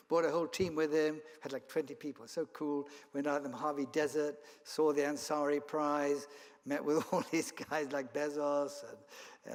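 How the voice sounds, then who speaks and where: Rambling anecdotal man, ringing hall. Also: on the high side. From Kenya and South Africa. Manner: rambling storyteller with restarts and chuckles. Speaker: founder and chairman of a travel company. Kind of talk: keynote talk with anecdotes. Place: event hall. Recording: long hall reverb.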